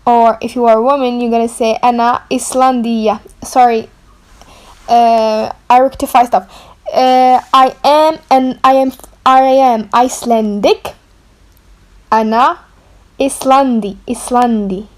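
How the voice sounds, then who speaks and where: A woman gives a beginner language lesson at an unhurried pace. Her voice sits a little high, and she repeats each new word slowly and clearly so learners can copy it. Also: fairly even intonation. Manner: slow, careful, repeats words for learners to copy; writes on a board while explaining. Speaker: language teacher.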